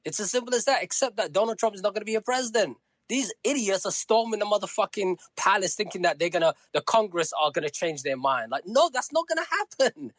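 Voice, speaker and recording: Male caller, ranting and profane, animated pitch swings, dry recording. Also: quick pace, hardly any pauses, no echo. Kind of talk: ranting voice message.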